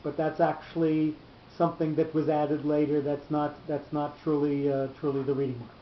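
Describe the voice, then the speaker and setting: A man teaching a cantillation class, explaining slowly with long pauses. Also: fairly high pitch, level tone, slight background noise. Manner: patient, explanatory, drawn-out pauses. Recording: echoey room, muffled lo-fi sound.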